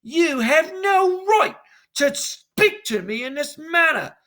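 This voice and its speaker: A man's voice: extremely high pitch, expressive, slow pace, sharp tone, voice pushed up, exaggerated voice. A man voicing an indignant loyalist merchant who defends himself and orders people out of his warehouse. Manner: indignant, commanding, raising his voice. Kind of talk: classroom role-play reading.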